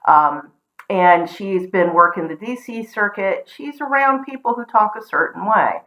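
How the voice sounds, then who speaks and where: A woman's voice: medium pitch, lively intonation, a little slow, bright, forceful tone, poor audio. A woman from the American South with a North Carolina accent, talking casually with many ums and restarts. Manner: rambling, frequent ums and restarts. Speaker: vlogger. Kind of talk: casual explanatory talk.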